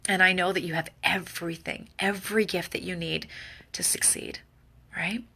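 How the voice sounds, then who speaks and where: A middle-aged woman delivers a fervent, pleading pep talk to her team, circling back to the same lines again and again. Her voice is bright and forward, with a gravelly fry running underneath it. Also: on the low side, fairly even intonation, moderate pace, a little hiss or hum. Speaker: network marketing team leader. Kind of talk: motivational training talk.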